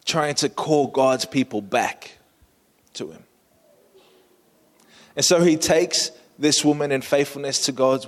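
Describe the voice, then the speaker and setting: A man preaching a sermon, painting a vivid scene slowly and inviting listeners to imagine it. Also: mid-range voice, in a large hall. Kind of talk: storytelling sermon.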